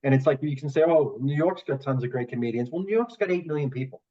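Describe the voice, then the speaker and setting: A man's mellow, medium-pitched voice comes fast through a muffled recording. He's a Boston-area comedian guesting on a casual podcast, where he tells wandering, profanity-heavy stories and acts out other people's lines.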